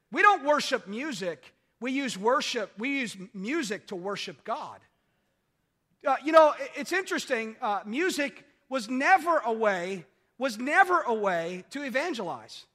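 A male pastor preaching an emphatic sermon, repeating key phrases and swinging from loud exclamations to quiet asides. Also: big pitch swings, measured pace. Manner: rises to loud exclamations then drops low.

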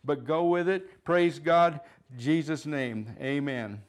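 A man preaching with fervent conviction, his fairly high voice pressing key phrases again and again. He swings from loud declarations to quiet, chuckling asides as he drives each point home. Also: takes it slowly. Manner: fervent, rising and falling in loudness, chuckles between points; repeats phrases for emphasis. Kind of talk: sermon.

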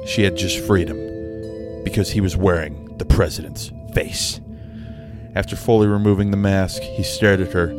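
Low-voiced man reading a story aloud. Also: steady tone, moderate pace, over music. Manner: self-deprecating, laughing at his own slips. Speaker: storyteller and channel host.

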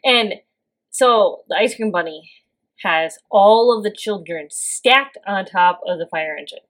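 A woman's voice: mid-range voice, unhurried, a bit bright. A woman co-hosting a podcast, giving wry, sarcastic commentary in a casual movie-review chat. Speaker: podcast co-host.

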